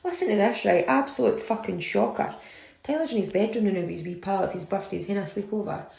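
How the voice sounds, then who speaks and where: A woman's voice: medium pitch, fast, vocal fry, darkish tone. A woman, a mother, telling a gossipy, sweary story from the bathroom. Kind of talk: casual storytelling to camera. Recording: echoey bathroom.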